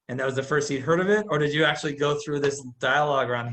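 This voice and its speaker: A man's voice: mid-range voice, fast talker, a bit bright. A man hosting a casual interview, thinking aloud and asking long, reflective questions. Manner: reflective, asks long questions with filler words. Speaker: host.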